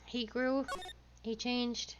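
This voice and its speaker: A woman's voice: on the high side, level tone, extremely slow, highs cut off, a little hiss or hum. A woman streamer chatting casually as she plays a game, reacting aloud, with game music behind her. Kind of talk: live gameplay commentary.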